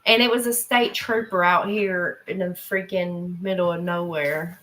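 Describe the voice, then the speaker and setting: A woman's voice: lowish voice, steady tone, measured pace, a bit bright, a little hiss or hum, poor audio. A woman in a casual chat, laughing often and rambling through a story.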